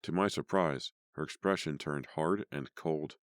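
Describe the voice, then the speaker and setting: A man narrating a teen horror audiobook in a measured, even storytelling voice. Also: very deep voice, no room sound, clean studio sound. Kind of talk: scripted narration.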